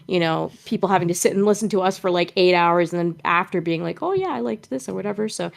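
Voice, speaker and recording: A woman co-hosts a podcast in casual live-stream chat. She is blunt, laid-back and teasing, and her voice has a lot of gravelly fry. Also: on the low side, fairly even intonation, quick pace. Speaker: podcast co-host.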